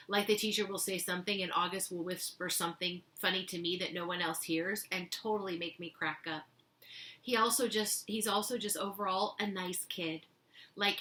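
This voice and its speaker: A woman reading a children's novel aloud as a teacher, giving the dialogue lively expression. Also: fairly low pitch. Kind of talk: storybook read-aloud.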